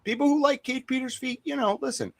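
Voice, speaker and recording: A man's voice: very high-pitched, fast talker, gravelly, no room sound. A man on a boxing talk stream, joking and boasting in profane, rambling riffs. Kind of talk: casual livestream banter.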